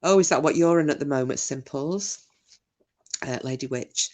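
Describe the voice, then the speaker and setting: A woman's voice: low-pitched, normal speed, a little mellow. A middle-aged woman, hosting a casual livestream, reading chat messages aloud and trading cheeky, bawdy banter. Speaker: live stream host reading chat.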